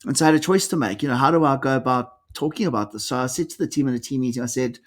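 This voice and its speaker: A man's voice: mid-range voice, racing. A middle-aged man from South Africa, an executive coach talking in an interview, telling stories animatedly and acting out the dialogue. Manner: animated storyteller, acts out quoted dialogue. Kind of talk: conversational interview storytelling.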